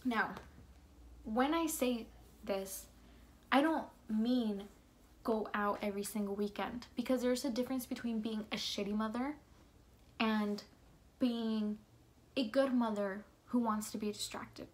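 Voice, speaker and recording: A woman's voice: fairly high pitch, measured pace, long pauses. A young woman vlogging in her bedroom, ranting heatedly with lots of swearing and "like" fillers. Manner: fired-up, swears a lot, many "like" fillers. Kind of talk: heated opinion rant to camera.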